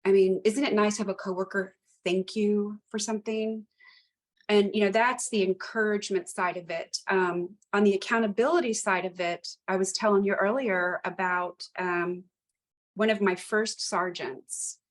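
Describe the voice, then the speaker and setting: A woman in her fifties, a retired police lieutenant, telling stories as a guest in an animated, emphatic way and repeating phrases for effect. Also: medium pitch, normal speed. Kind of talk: conversational storytelling.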